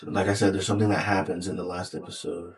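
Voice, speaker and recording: A man's voice: low voice, little pitch movement, fast, slightly rough, low-quality recording. A man co-hosting a podcast in casual chat, rambling with lots of fillers and restarts and swearing freely. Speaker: podcast co-host.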